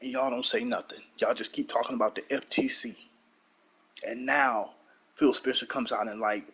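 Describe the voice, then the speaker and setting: A man with a husky, slightly rough voice delivers a heated, profane gaming rant. He hammers his points by repeating lines, sitting at an ordinary middle pitch for a man. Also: steady tone, moderate pace, fairly bright tone. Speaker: gaming channel host.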